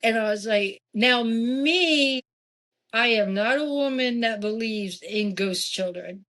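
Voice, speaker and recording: A woman guest on a podcast telling a personal story in a casual, animated way. She acts out quoted lines of dialogue and often breaks off into asides. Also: a little high, takes it slowly. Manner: frequent asides and restarts.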